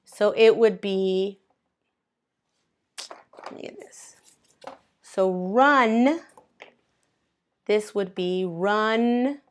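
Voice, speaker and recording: A woman's voice: mid-range voice, very slow, pauses often. A woman teaching English grammar to learners, patiently spelling out letters and sounds one by one. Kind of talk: slow classroom grammar explanation.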